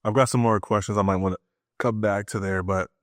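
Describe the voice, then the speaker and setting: A man hosting a podcast interview, asking gentle, soft-spoken follow-up questions. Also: lowish voice, fairly even intonation, fairly quick, dry recording, clean studio sound. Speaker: podcast host.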